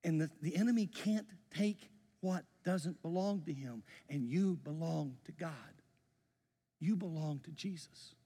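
A man, preaching a sermon as a pastor, his voice swelling with feeling and then falling to a near hush. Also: a little high, unhurried. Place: church sanctuary. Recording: long reverb in a large hall.

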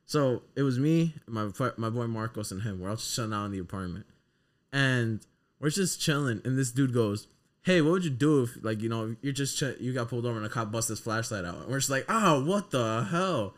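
A young man co-hosting a casual podcast, telling stories in an animated way, swearing and breaking into loud laughter. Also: mid-range voice, a little fast. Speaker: podcast co-host.

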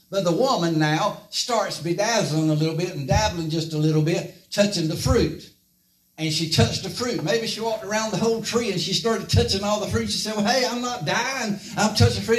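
A man preaching a sermon in a folksy way, quizzing his congregation with rhetorical questions. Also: high voice. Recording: echoey room from a distant mic.

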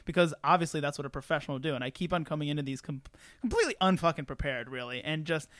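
A man hosting his own new podcast, excitable and swearing, laughing often in casual chat. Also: on the high side, fast, no echo. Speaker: podcast host. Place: studio.

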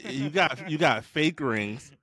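A man co-hosting a podcast, ranting and joking loudly with lots of swearing. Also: mid-range voice, lively intonation, slow, dry recording. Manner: loud, profane, joking rants. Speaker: podcast co-host. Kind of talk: casual podcast chat.

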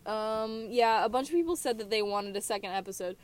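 Brisk and mid-range, a teen co-hosting a casual podcast chats and tells stories, rambling with frequent fillers and restarts.

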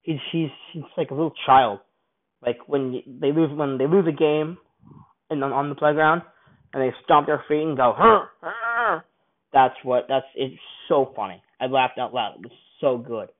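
A man's voice: medium pitch, fairly even intonation, normal speed. A man casually reviewing a film, rambling and enthusiastic, often restarting his sentences. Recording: tinny phone-like sound.

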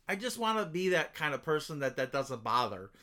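A man rants through a casual podcast chat, animated and quick to swear. His voice sits high and sounds bright and forceful. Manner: animated, ranting, swears freely. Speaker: podcast co-host.

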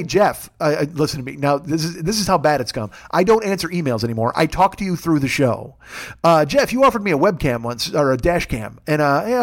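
Fast-talking wry rambling man. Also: on the high side, animated. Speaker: podcast host. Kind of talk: casual comic monologue.

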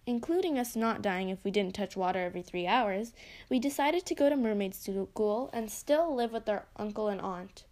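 A woman reading a first-person story aloud with expressive narration. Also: medium pitch.

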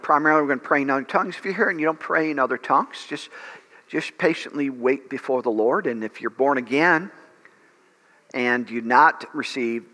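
A man's voice: mid-range voice, fairly quick, bright, forceful tone. A man preaching as a pastor, fervent, with frequent fillers and restarts. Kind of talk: sermon and prayer. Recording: long reverb of a large hall.

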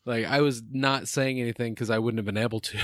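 A man's voice: mid-range voice, steady tone, fast talker, fairly bright tone, no room sound, studio quality. A man hosting a podcast interview, giving short emotional reactions. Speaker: podcast host.

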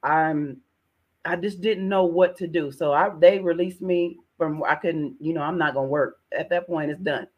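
A woman's voice: sits low, moderate pace. Woman, middle-aged, podcast guest, personal testimony, earnest, repeats words, calls listener "sis".

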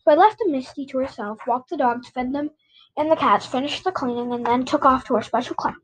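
A woman's voice: high-pitched, brisk, breathy edge, poor audio. A woman reading a children's novel aloud, with slips and rereads as she goes. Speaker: reader.

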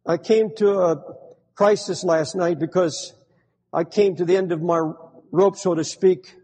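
A man preaching a fervent sermon, swinging between pleading cries and hushed, grave tones. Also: fairly high pitch, husky. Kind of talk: impassioned sermon. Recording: long hall reverb.

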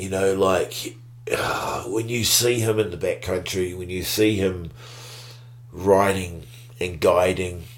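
A man telling a story in a laid-back, slangy way, breaking into bursts of excitement. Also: deep voice. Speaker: guest. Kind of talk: casual storytelling.

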